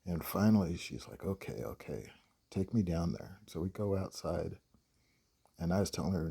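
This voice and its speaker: Gravelly, husky man telling a story. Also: low voice, animated, mellow. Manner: halting, hesitant, with many pauses. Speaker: horror writer. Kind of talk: personal storytelling.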